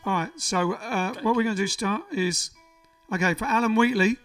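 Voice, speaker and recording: Between songs on his band's living-room livestream, the frontman chats casually and rambles through viewer comments. His voice sits high and a bit bright, at a normal speed. He's slightly distant from the mic, with quiet music behind him.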